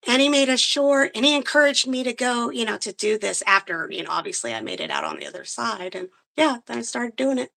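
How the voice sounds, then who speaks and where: Woman guest telling a fishing story, bright voice, laughs a lot, pitched a bit high. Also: normal speed, vocal fry. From grew up on military bases. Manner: animated, laughs often, acts out quotes. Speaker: guest angler. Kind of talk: casual interview storytelling.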